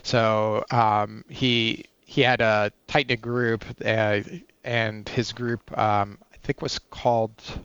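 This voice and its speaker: A man's voice: lowish voice, level tone, slow, hardly any pauses, a bit bright, clear, resonant tone, no room sound. Rambling man recorded dull and dry. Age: 40s. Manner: rambling, with many fillers and restarts. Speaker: podcast guest. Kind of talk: personal storytelling.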